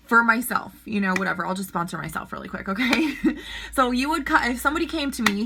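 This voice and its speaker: A woman's voice: on the high side, pushed and bright, slight background noise. A woman leading a sales team, talking casually and bubbly to camera from a child's bedroom, often checking in with the viewer. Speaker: network marketing team leader. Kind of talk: casual vlog advice.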